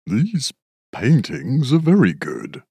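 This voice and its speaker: A man voicing a big, powerful, selfish male bear in a children's storybook, with a slow, heavy, menacing delivery. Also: mid-range voice, huge pitch swings, dark tone, husky, no room sound, pitched above the performer's own voice, full character voice. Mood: impressed.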